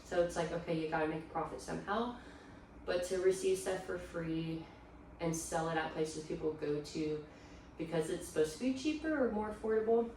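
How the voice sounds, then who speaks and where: A woman's voice: lowish voice, moderate pace, a little mellow, a little hiss or hum. A young woman chatting casually as she shows off her thrift haul, talking from a distance in a room at home, trailing off with fillers as she sorts items. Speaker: reselling vlogger, stay-at-home mom. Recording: very echoey room, off the mic.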